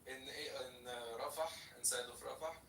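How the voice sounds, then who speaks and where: A man with an Arabic accent speaks earnestly, halting often on fillers as he argues his point. His voice is bright and sits back from the microphone. The room around him is echoey and carries a faint hiss. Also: mid-range voice, steady tone, creaky, far from the mic. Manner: earnest, hesitant, many fillers. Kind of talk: casual political debate.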